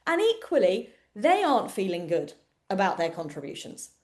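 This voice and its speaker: A woman's voice: medium pitch, huge pitch swings, normal speed, darkish tone. A woman with a British accent presenting an explanatory webinar, talking conversationally with fillers and restarts.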